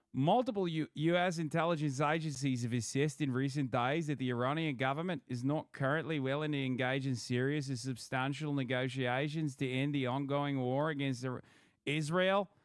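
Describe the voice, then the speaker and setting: Brief: young male streamer, slightly high and smooth, swears freely, close dry mic. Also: normal speed, dry recording. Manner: profane, sarcastic, laughing. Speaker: commentator reacting to clips. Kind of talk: casual reaction commentary.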